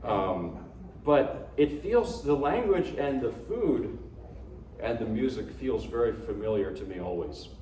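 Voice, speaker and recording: A man's voice: medium pitch, very animated, unhurried, dark tone. A man introducing his pieces at a piano recital, chatty, rambling and poking fun at himself. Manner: rambling, chatty and self-deprecating. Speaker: pianist giving a recital. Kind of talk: casual spoken introduction between pieces. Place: recital hall. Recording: echoey hall, distant mic, faint noise.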